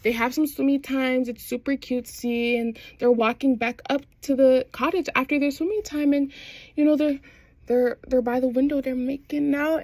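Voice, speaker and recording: A woman chatting excitedly through a show recap, slangy and quick to laugh. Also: high voice, no echo. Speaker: vlogger.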